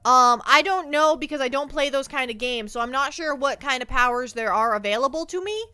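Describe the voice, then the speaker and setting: A woman's voice: high voice, fairly quick, bright, forceful tone, clean tone, no echo. A woman livestreamer chatting casually with her viewers, playful and mock-hurt, often repeating words as she thinks aloud. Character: speaks as a sensitive penguin streamer persona.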